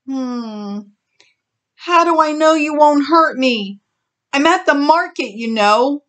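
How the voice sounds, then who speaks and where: A woman's voice: high-pitched, unhurried, fairly bright tone, voice pushed up. A woman voicing a small, timid young boy piglet who whines and hesitates, in a storybook reading. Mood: wary. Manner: whiny, hesitant.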